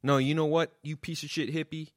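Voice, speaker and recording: A man's voice: on the high side, little pitch movement, a little fast. A man delivering a profane, mocking comic rant, swearing constantly and hammering the same insults. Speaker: comedian.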